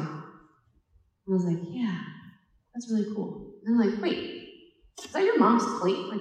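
A woman from the New tells a personal story to a gathering, chatty and laughing often, with a lowish voice. She is recorded from far off in a big hall, so her words ring with long echo. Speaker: speaker at a women's brunch. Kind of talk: storytelling talk. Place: large echoey hall.

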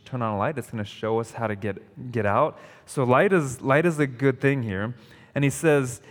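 Male pastor, mid-pitched, emphatic sermon delivery with restarts, long hall reverb. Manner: emphatic, repeats and restarts phrases.

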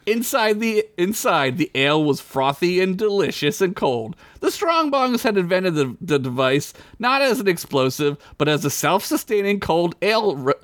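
A man's voice: high-pitched, very animated, moderate pace, few pauses, fairly bright tone, no room sound, studio quality. A man narrating a crude, comic fantasy game story as game master, often breaking into giggles. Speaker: game master and podcast co-host. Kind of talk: comedic tabletop narration.

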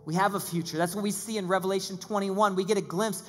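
A man's voice: high-pitched, fast talker, few pauses. Man preaching in a reverberant hall. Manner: builds to loud excited preaching, then quiet and hushed for prayer. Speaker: pastor. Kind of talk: sermon. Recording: long reverb with music behind. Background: music playing.

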